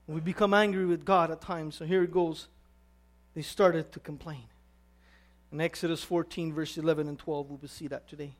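A man's voice: fairly high pitch, moderate pace. A man preaching a sermon as pastor, telling his own story and acting out the questions of his listeners. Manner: animated preaching with acted questions and rising emphasis.

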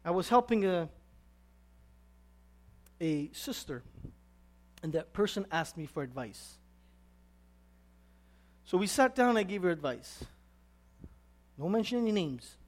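A man's voice: high-pitched, slow pace, pauses often. A man preaching a sermon as pastor, telling his own story and acting out the questions of his listeners. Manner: animated preaching with acted questions and rising emphasis.

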